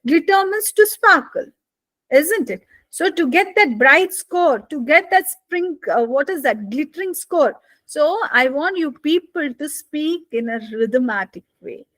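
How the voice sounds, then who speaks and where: A high-pitched woman with an Indian English accent lecturing a live online speaking class. Her voice swings up and down with deliberate expression, and she keeps checking in with the class. The sound is close and dry, with no room around it. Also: no echo. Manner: lively rising and falling intonation, asks "isn't it?" often. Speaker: IELTS speaking instructor.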